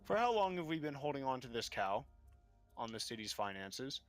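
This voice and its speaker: A man's voice: mid-range voice, very animated, normal speed, soft background music, voice pushed up, lightly acted. A man voicing a stern male city magistrate in a tabletop game, formally reading out charges and sentences.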